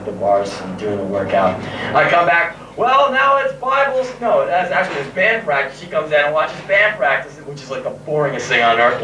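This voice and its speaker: A man in his thirties telling a sarcastic, self-mocking story live on a pub stage and swearing freely. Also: medium pitch. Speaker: spoken word performer. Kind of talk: live spoken word storytelling. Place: pub stage in front of an audience. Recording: echoey, distant, noisy live bootleg tape.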